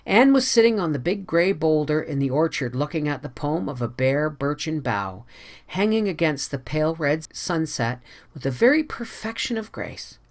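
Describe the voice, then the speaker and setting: An audiobook narrator reading a classic novel in a measured, expressive way, with a lively, animated rise and fall. The pitch sits in a middle range. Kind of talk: scripted narration.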